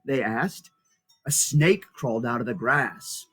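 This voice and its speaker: A middle-aged man reading a children's picture book aloud, pausing to ask listeners to look at the pictures. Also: medium pitch, lively intonation, a bit bright, slightly rough, soft background music. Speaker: storybook reader.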